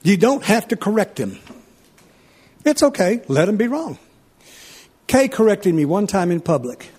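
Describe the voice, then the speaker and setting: A man preaching a sermon, telling stories with lively back-and-forth dialogue. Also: sits high, measured pace, breathy edge. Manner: animated storytelling, acts out his wife and himself in dialogue. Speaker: pastor.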